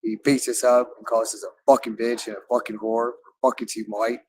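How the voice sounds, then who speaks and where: A man's voice: mid-range voice, flat delivery, a little fast, a little mellow, a little hiss or hum, low-quality recording. Repetitive, profane man in a monologue. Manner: repetitive, loops phrases over and over; profane, with frequent swearing. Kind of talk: rambling spoken monologue.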